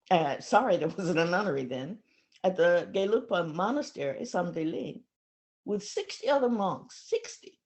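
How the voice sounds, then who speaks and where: A woman in her seventies recounting memories of her teacher in an emotional, pausing storytelling manner. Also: mid-range voice, a little mellow. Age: 70s. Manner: emotional, pausing, acts out voices in her stories. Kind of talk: reflective storytelling talk.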